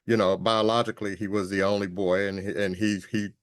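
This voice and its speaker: Halting low-voiced male host. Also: little pitch movement, clean tone, dry recording, studio quality. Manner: halting, hesitant, many ums and restarts. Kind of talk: casual interview conversation.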